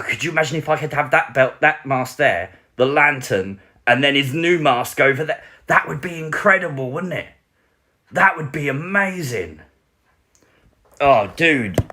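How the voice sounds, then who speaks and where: A young man from Britain hosting a casual live stream, excitably reading out and answering viewer comments. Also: fairly high pitch. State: recovering, a little sore.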